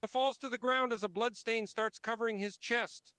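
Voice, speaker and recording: A man's voice: very high-pitched, fairly even intonation, moderate pace, pushed and bright, clean tone, dry recording. A man reading out story narration in a matter-of-fact way.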